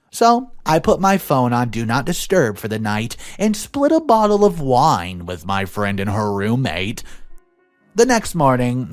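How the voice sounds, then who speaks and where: Highly animated story narrator over soft music. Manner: expressive storytelling, acts out quoted lines. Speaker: story narrator and channel host. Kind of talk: reading online stories aloud with commentary.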